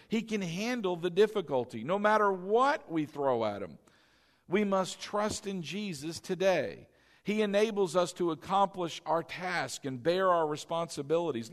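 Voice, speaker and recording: A man preaching a sermon as pastor, exhorting the congregation, repeating key lines and asking them questions. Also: high-pitched. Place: church sanctuary. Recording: long hall reverb.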